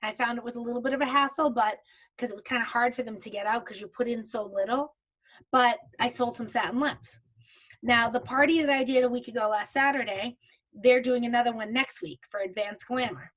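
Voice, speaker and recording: A woman's voice: a little high, a little fast, a bit bright. A woman teaching makeup steps over a video call, in a chatty, casual way with frequent restarts. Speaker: makeup consultant teaching a virtual class. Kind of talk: casual live video training.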